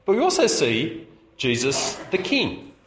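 A man preaching a sermon to a public meeting, expressive, with rhetorical questions and small chuckles. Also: a little high, a little slow, a little hiss or hum. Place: meeting hall. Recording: echoey room.

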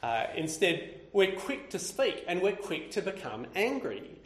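A man's voice: high voice, very animated, unhurried. A man preaching a sermon, building his points in lists that grow more intense. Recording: roomy echo.

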